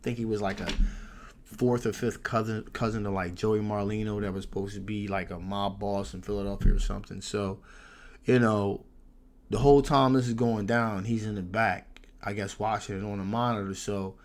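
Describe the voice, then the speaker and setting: A man hosting his channel, telling a personal story in a casual, animated way, swearing freely. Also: lowish voice, normal speed. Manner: animated, profane, laughs through the story. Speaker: tarot reader and channel host.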